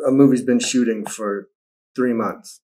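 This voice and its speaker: A man chatting as a guest, relaxed and soft-spoken, his sentences trailing off quietly. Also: mid-range voice, unhurried. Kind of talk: casual chat.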